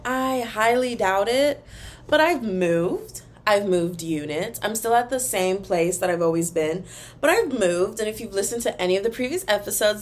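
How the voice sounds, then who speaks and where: A young woman hosting a casual solo podcast, chatty and gossipy, calling her listeners y'all, talking into her computer's built-in mic at home. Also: medium pitch. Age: young adult. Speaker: podcast host. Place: room at home in front of a wall.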